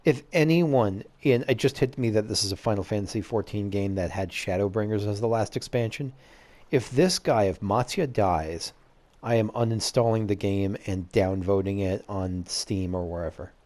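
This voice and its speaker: A man's voice: on the low side, moderate pace, a little mellow. A man hosting a casual let's play, reading game dialogue aloud and tossing in jokey, profane asides. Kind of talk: casual gameplay commentary.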